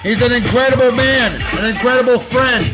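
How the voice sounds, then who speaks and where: Boisterous high-voiced New man. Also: fairly quick. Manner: boisterous, hyped-up, shouty slang-laden praise. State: short on sleep. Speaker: vlog host. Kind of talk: casual beer-tasting vlog with shout-outs.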